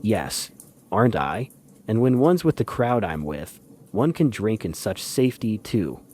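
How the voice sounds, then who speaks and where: A man's voice: lowish voice, sing-song, unhurried, dark tone. A man reading a breezy, flippant English society woman in an audiobook, with clipped, airy upper-class phrasing. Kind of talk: audiobook character voice.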